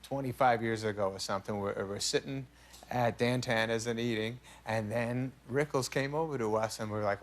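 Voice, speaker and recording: A middle-aged man, a talk show guest, tells comic stories in a relaxed, animated way, often laughing and acting out the voices of the people he quotes. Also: mid-range voice, moderate pace. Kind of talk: casual comic storytelling. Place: television studio with live audience. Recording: studio audience laughter and noise. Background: audience laughter.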